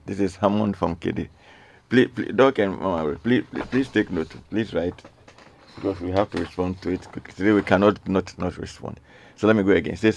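A man's voice: deep voice, a little fast, creaky, darkish tone. A man hosting a radio call-in show, earnestly reading out listener messages and repeating his requests. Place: radio studio.

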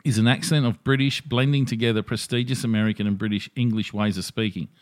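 A man co-hosting a casual podcast chat, blunt, excitable and quick to swear. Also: fairly low pitch, dry recording, clean studio sound. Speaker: podcast co-host.

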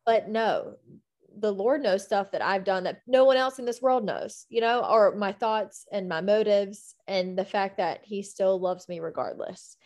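Young female co-host, candid and self-deprecating, mid pitch. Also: a little slow, darkish tone. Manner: candid, self-deprecating, quotes herself in voices. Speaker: podcast co-host. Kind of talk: casual faith conversation.

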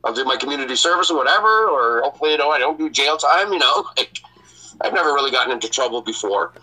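Male host, bright and forceful tone, loose profane storytelling. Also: medium pitch, animated, quick pace, low-quality recording. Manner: profane, laughs often. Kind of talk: casual storytelling.

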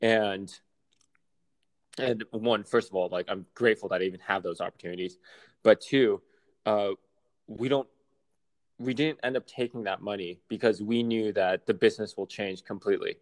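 A man with a somewhat low voice talks as a podcast guest, measured and reflective. He restarts small phrases as he shapes each thought, in an easy conversational tone. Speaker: guest, artist and entrepreneur. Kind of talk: conversational interview.

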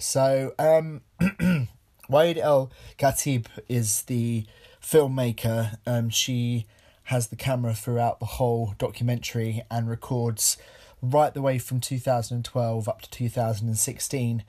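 A man hosting a film podcast, speaking earnestly and haltingly with many pauses, audibly moved. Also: mid-range voice, steady tone, a little mellow. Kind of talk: casual film review podcast.

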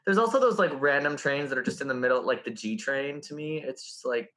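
Bright-voiced rambling man. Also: mid-range voice, a little fast. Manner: rambling, full of "like" fillers. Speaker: podcast co-host. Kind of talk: casual chat.

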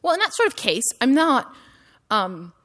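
A woman's voice: sits high, big pitch swings, moderate pace, a bit bright. A woman giving a university lecture in a conversational style, full of "like" and "right?" tags and rising emphasis on her questions.

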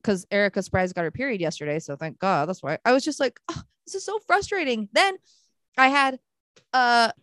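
A woman's voice: mid-range voice, lively intonation, a little fast, fairly bright tone, no room sound. A woman co-hosting a podcast, telling a dating story in casual chat and swearing freely. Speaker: podcast co-host.

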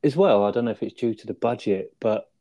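Low, mellow man chatting. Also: fast, dry recording. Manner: laid-back, sweary, asks tag questions. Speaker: podcast co-host. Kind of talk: casual film review chat.

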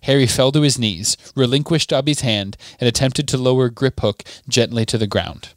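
A man's voice: mid-range voice, normal speed, no room sound. A man hosting a book podcast, reading a novel aloud steadily and adding small asides to his co-host.

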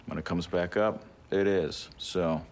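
An actor playing a deadpan, sardonic male programmer in a TV comedy. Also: low voice, a little slow. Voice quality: deadpan, flat.

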